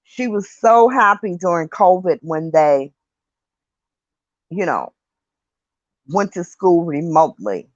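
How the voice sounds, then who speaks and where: A woman's voice: on the low side, lively intonation, takes it slowly, pauses often, dry recording, highs cut off. An older woman hosting a casual online talk show, reading viewer comments and chatting with light laughter and mild swearing. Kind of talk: casual chat.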